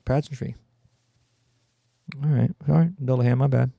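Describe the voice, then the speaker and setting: A man's voice: medium pitch, steady tone, normal speed, gravelly, no echo, muffled recording. A man hosting a podcast, riffing through a rambling, profane comedic monologue and interrupting himself constantly. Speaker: podcast host.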